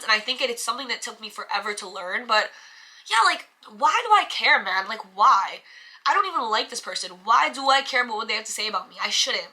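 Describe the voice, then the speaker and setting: A young woman vlogging casually to camera, chatty and animated, with lots of fillers and quick self-talk. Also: a little high. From United States.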